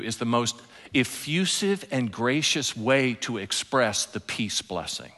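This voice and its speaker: A man preaching a sermon, telling stories and dropping into soft, intimate asides. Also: mid-range voice, moderate pace. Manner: animated storytelling preacher, drops to soft asides. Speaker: pastor. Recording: long hall reverb.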